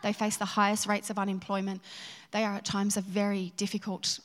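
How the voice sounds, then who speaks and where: A woman who leads a charity, answering interview questions earnestly and often pausing on "you know" and "like". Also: mid-range voice, completely flat delivery, in a large hall. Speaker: charity leader.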